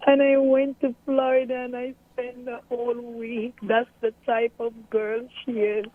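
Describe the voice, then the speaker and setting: A middle-aged woman speaks in a high, fairly flat voice, telling a story earnestly. The sound is tinny and phone-like, with a dry room. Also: measured pace, no echo. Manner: earnest, storytelling, animated retelling. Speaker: grieving mother interviewee. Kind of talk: recounting events in an interview.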